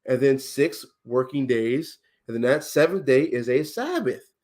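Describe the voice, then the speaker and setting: A man teaching on a casual livestream. He talks with emphasis, asks questions, and counts things out loud. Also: medium pitch, animated, measured pace.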